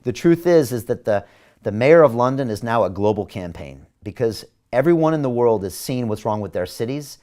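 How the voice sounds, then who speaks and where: A man's voice: medium pitch, animated, normal speed, warm tone. A man running for mayor who hosts a show, giving an emphatic campaign address to viewers, firing off rhetorical questions and reading out their comments. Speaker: mayoral candidate and show host.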